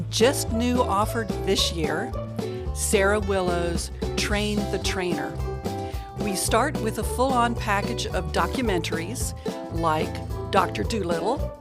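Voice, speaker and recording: A woman playing a female infomercial pitchwoman selling an animal-training kit, with a brisk sales-pitch delivery. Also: natural voice.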